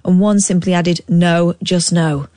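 A woman co-hosting a radio show, briskly reading a light news story aloud with a wry touch. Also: on the low side, fairly even intonation, dark tone, dry recording, studio quality. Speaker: radio co-host. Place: radio studio.

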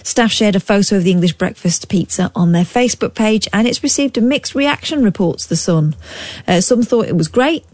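A woman co-hosting a radio show, briskly reading a light news story aloud with a wry touch. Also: mid-range voice, animated, darkish tone, no room sound, clean studio sound. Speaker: radio co-host. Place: radio studio.

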